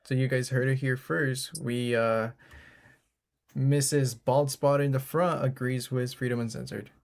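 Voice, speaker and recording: A man's voice: mid-range voice, steady tone, unhurried, vocal fry, a little mellow. A man with an ordinary mid-range voice hosts a casual live broadcast. He drops teasing jokes in between his comments. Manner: teasing, joking. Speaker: livestream host. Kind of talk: casual live-stream banter.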